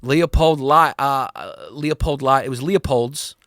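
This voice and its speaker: A man hosting a comedy history podcast, rambling and profane, swinging up and down in pitch as he talks. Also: measured pace, fairly bright tone, no echo, clean studio sound. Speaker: podcast host.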